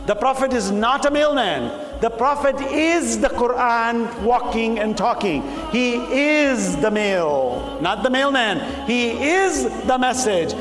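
A man preaching a sermon, emphatic and rhetorical, acting out dialogue and sometimes breaking into shouts. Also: very high-pitched. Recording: echoey hall with music behind.

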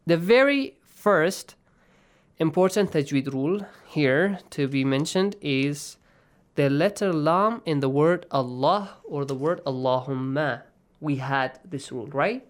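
A man's voice: fairly high pitch, animated, takes it slowly. A man teaching Quran recitation rules in a lesson, explaining patiently and checking understanding often. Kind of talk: online tajweed lesson.

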